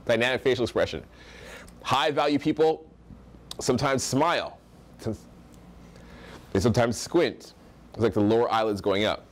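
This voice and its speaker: A young American man teaching social skills at a live seminar, projecting his voice with energy and acting out example voices. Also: medium pitch. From United States.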